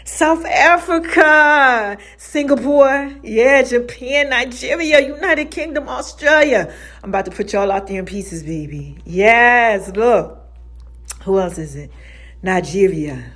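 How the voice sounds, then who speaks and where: A woman hosting her own podcast, telling personal stories in a loose, chatty way, laughing often and acting out other people's lines. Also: medium pitch. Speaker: podcast host. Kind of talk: casual storytelling monologue.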